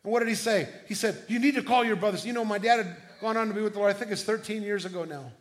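A middle-aged man preaching a sermon as pastor, telling stories in a conversational way with quick restarts. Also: high-pitched.

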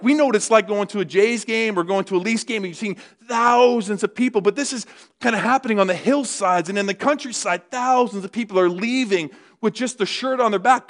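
A middle-aged man preaching a sermon as pastor, telling stories in an animated way. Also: sits high. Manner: animated storytelling, rises excitedly.

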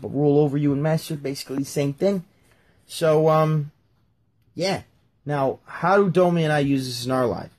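A man's voice: fairly high pitch, darkish tone, husky. A man hosting a casual talk, reading Bible verses aloud and joking about them as he goes. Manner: jokey, talks while flipping through pages. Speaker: podcast host reading scripture.

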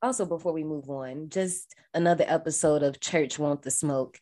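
A woman's voice: low-pitched, moderate pace. A woman co-hosting a podcast, casually recapping a horror movie and breaking into exaggerated quoted voices. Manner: animated, swings into exaggerated voices when quoting. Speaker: podcast co-host.

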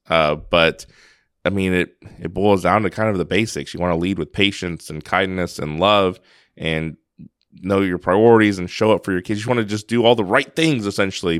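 A man's voice: low voice, clean tone, no room sound. Earnest storytelling man, dry close mic. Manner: earnest, storytelling, with many restarts. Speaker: podcast co-host. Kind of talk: casual podcast chat.

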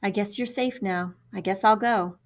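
A woman's voice: mid-range voice, moderate pace, lightly acted. Woman doing a teasing teenage boy.

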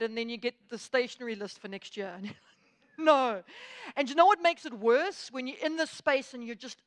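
A woman's voice: a little high, fairly bright tone. A South African woman in her thirties giving a humorous, chatty motivational talk. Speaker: speaker.

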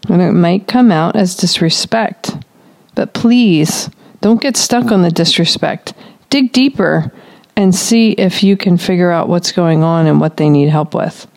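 A woman working as a parenting coach, giving calm, explanatory advice to parents. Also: fairly low pitch, measured pace, gravelly.

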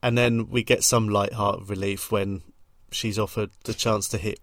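A podcast co-host summarizing film scenes in a relaxed, casual chat. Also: medium pitch, moderate pace, dry recording.

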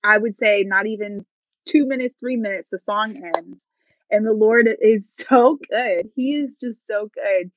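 A woman's voice: mid-range voice, measured pace, no echo, lo-fi sound. Earnest woman sharing a testimony. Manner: emotional storytelling, acts out quoted voices. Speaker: podcast guest. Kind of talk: personal faith testimony.

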